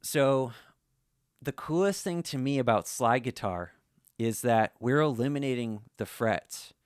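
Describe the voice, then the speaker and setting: A man's voice: mid-range voice, expressive, unhurried, clear, resonant tone, dry recording, studio quality. A man giving a casual, conversational guitar lesson, full of "you know" fillers. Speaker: slide guitar teacher.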